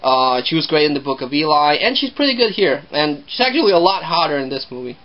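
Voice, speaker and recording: A man's voice: on the high side, very animated, fast, highs cut off. A man talking through a movie review in a casual, rambling way, often repeating himself.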